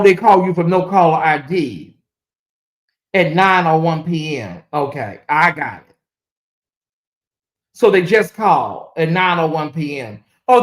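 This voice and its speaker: A woman hosting her own commentary channel, talking casually on a live stream. She repeats her questions and swings between low muttering asides and loud exclamations.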